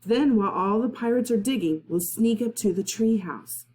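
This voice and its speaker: A woman's voice: fairly high pitch, normal speed, mellow, voice pushed up, natural voice, low-quality recording. Woman reading as a careful young boy, her ordinary reading voice, storybook. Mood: earnest. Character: cautious young boy adventurer.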